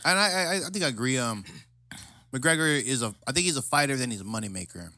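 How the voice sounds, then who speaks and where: A man in an animated, jokey casual chat, swearing freely. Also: medium pitch, fast, no echo, studio quality.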